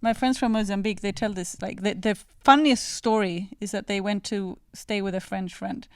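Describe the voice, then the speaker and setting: Woman panelist, smooth clear voice, reflective, laughs often, dry sound. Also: mid-range voice, steady tone, moderate pace, dry recording. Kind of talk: podium discussion.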